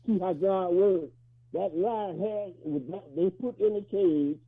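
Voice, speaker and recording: Man, casual street-style talk, husky voice, high-pitched, phone-line sound. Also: unhurried. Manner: loose, street-casual, ends lines with "man".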